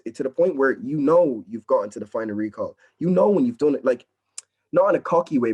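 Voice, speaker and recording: A young adult man from Nigeria, a drama student, talks casually and earnestly in a video-call interview. His mid-range voice is a little mellow, and he's encouraging, often adding "you know what I mean".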